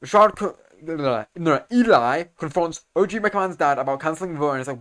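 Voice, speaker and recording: A young man talks through a comic story in a loose, slangy ramble, often stopping to correct himself. His voice sits a little high and sounds smooth and resonant. He turns loud and excited when the action heats up. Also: fast talker. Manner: rambling, slangy, self-correcting, gets loud and excited over fight scenes. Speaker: video creator explaining comics. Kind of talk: casual comic recap commentary.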